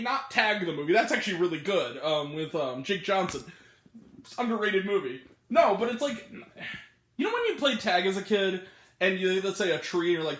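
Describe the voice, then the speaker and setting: Animated, incredulous woman reviewing films. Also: fairly high pitch, normal speed, reverberant. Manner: incredulous, laughing, swears freely. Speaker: film reviewer. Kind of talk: casual movie review rant.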